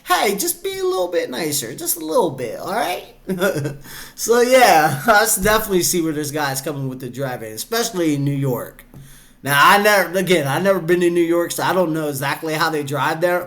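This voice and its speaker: A man's voice: fairly high pitch, sharp tone. A young man hosting a reaction video, talking casually and chattily, and laughing often. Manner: chatty, laughs often, acts out quoted voices.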